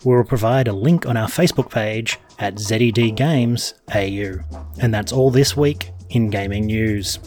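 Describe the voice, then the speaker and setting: Man, games news host, brisk read, faint music bed. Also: fairly low pitch, darkish tone. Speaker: gaming news presenter. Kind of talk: read news segment, then casual chat. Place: apartment beside a train line.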